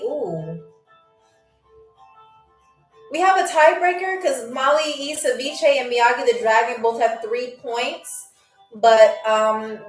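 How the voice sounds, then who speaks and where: A woman hosting a live game show stream, chatty and playful, laughing often and sounding out foreign words slowly as she reads out viewers' messages. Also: fairly high pitch, recorded from a distance. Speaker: livestream game show host. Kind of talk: casual livestream hosting, reading out chat. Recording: echoey room, voice set back from the mic, faint music.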